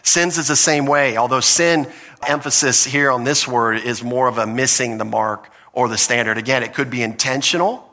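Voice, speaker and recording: A man's voice: medium pitch, moderate pace, pushed and bright, big-room sound. A man preaching a sermon as pastor, earnest and teaching, often restarting his phrases.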